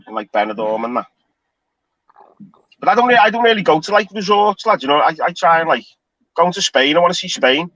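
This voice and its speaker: A man's voice: fairly high pitch, big pitch swings, a little fast, long pauses, bright, forceful tone, no room sound. A man with a Scouse accent chatting casually on a panel, dropping "lad" and "like" constantly. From Liverpool, England. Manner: chatty, says "lad" and "like" a lot. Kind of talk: casual chat. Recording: dull lo-fi call audio.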